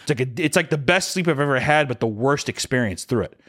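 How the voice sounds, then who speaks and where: A man's voice: mid-range voice, fast. A man telling a rambling, profane story in casual chat and acting out the people in it. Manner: profane, animated, acts out voices in quotes.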